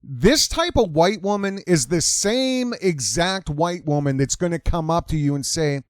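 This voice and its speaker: Sarcastic man ranting on a commentary show, profane and mocking, slow delivery, dry close sound. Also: a little high, lively intonation, clear, resonant tone, dry recording.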